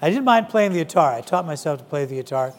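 A man's voice: fairly high pitch, lively intonation, fast talker. A middle-aged man preaching a conversational sermon to young people, with frequent "you know" fillers.

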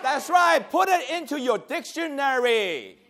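A man from Taiwan, teaching a lively church lesson, talking back and forth with the class and laughing often. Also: very high-pitched, unhurried, crowd noise, noisy background.

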